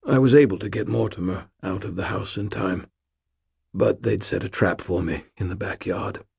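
A man's voice: deep voice, normal speed, gravelly, darkish tone, husky, dry recording, clean studio sound, full character voice. A man reading the part of a dying old male ghost warrior, weak and fading, with formal, archaic speech. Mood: weak, gentle.

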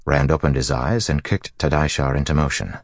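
Very deep, gravelly male narrator. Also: fairly even intonation, a little fast, no echo, studio quality. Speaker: audiobook narrator. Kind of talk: scripted fantasy narration.

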